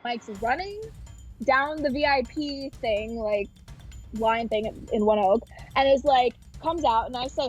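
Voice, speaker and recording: A young woman being interviewed, telling a story in a quick, offhand way full of "like" and quoted dialogue, over dull, dry audio. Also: sits high, breathy edge, soft background music. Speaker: interview guest.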